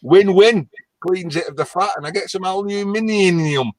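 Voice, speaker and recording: A man's voice: high-pitched, moderate pace, no room sound, poor audio. A man from the north of England with a strong Lancashire accent, chatting and teasing as a guest on a live stream. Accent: Lancashire English. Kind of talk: casual chat. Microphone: on camera, close.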